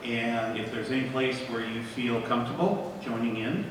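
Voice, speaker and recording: A man's voice: mid-range voice, normal speed, heavy background noise. Man joking with a live audience. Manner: relaxed, joking stage patter. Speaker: folk group member. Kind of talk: stage banter introducing songs. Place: live gig in a gallery venue. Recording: echoey hall from far off.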